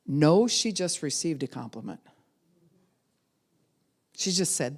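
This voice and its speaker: A woman pastor teaching a class in a conversational way, acting out other people's words in quick voices. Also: low voice, sing-song, a little mellow, slightly rough. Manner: conversational, with frequent "you know" and "right?".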